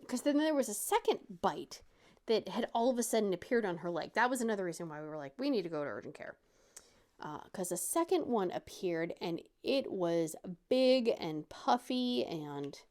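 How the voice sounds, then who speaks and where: A woman hosting her crafting channel, talking casually as she works on a project. She tells a family story in a rambling, chatty way, and her mid-pitched voice jumps up when she acts out what other people said. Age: adult parent. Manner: animated retelling, acting out quotes with pitch jumps. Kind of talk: chatty storytelling while diamond painting.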